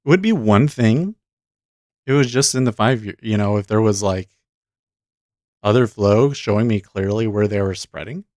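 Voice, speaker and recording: A man hosting a day trading livestream, thinking aloud in halting, self-interrupting remarks as he watches the market. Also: on the low side, darkish tone, no room sound, clean studio sound.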